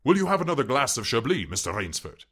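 A man's voice: mid-range voice, very animated, fast talker, fairly bright tone, breathy edge, pitched above the performer's own voice. A man voicing a suave, menacing aristocratic Cossack general in an audiobook reading, with a courtly, mocking manner.

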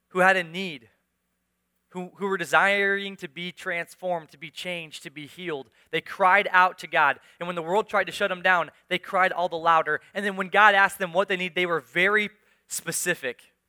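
Hombre predicador de voz clara y brillante. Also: male voice, sits high, fairly even intonation, moderate pace, bright, forceful tone, smooth. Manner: earnest, urging, repeats phrases for emphasis. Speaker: pastor. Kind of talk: sermon. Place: church sanctuary.

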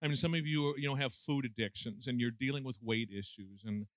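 A man's voice: mid-range voice, brisk, a bit bright, no room sound. A man in his sixties preaching a conversational sermon with folksy, self-deprecating humor and lots of fillers. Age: 60s.

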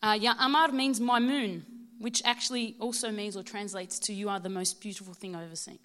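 A woman in her thirties with an Australian accent, giving a prepared personal testimony at church in a heartfelt, measured way. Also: medium pitch, steady tone. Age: 30s.

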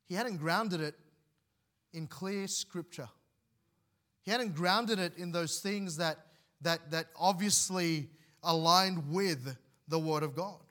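Male pastor, sermon delivery, earnest with frequent restarts; bright, slightly high voice. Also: slow. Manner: earnest, repeats words and restarts, reads scripture aloud.

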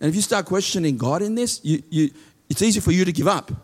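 A man with a high voice preaches a sermon. He reads verses slowly, then explains them earnestly, often restarting his phrases. At times he builds to loud, urgent peaks. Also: animated, husky. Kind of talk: sermon teaching from scripture.

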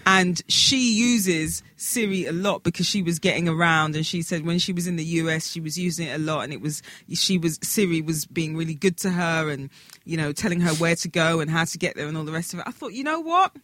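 A woman, co-hosting a podcast and telling a story in a casual, animated way with frequent laughter. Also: deep voice, brisk, no room sound. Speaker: podcast co-host. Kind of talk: casual chat.

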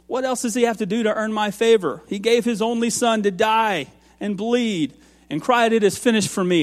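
A man on a church's music staff, preaching an earnest sermon that moves from quiet asides to raised, emphatic lines. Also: sits high, in a large hall.

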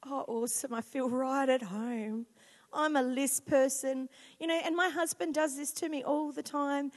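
A woman in her forties, a pastor giving a lively, emphatic sermon to her congregation. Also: sits high, normal speed. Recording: long reverb of a large hall.

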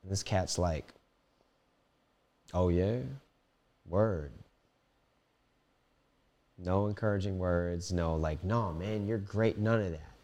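A young man telling a raw personal story, swearing freely and swinging between playful voices and heavy quiet. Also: low-pitched, steady tone, normal speed, few pauses. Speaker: guest telling his life story.

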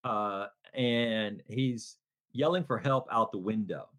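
A man co-hosting a casual movie podcast, retelling scenes in a rambling way and acting out the characters' lines. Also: slow pace. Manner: animated storytelling, acts out scenes in a loud high voice; rambling with many restarts and fillers. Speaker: podcast co-host.

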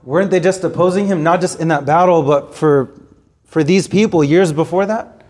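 A man's voice: on the high side, moderate pace, darkish tone. A man giving an earnest sermon, repeating phrases for emphasis and reciting scripture in Arabic. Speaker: Islamic preacher.

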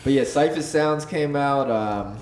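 A man's voice: medium pitch, unhurried. A young man co-hosting a podcast, telling stories in a loose, profane way and laughing often. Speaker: podcast co-host. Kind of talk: casual chat. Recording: roomy echo, faint background noise.

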